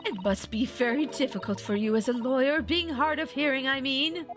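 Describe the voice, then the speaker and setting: A woman's voice: high voice, moderate pace, a bit bright, soft background music. A woman voicing a refined, well-off married lady who speaks primly and politely. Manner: prim, polite.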